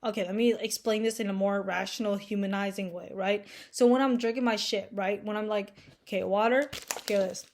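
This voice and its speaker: A woman's voice: mid-range voice, fairly even intonation, brisk, a little mellow. A young woman vlogging to camera in a casual, rambling monologue, playful and crude, full of fillers.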